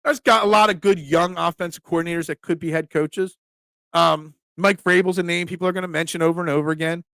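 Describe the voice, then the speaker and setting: A man with a high, bright voice talks football on a live stream, answering viewer comments in an animated, emphatic way. The sound is close and dry, with no room echo. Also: quick pace, creaky, smooth. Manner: animated, emphatic, reads chat aloud. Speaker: sports talk host reading viewer comments. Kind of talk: casual live-stream chat.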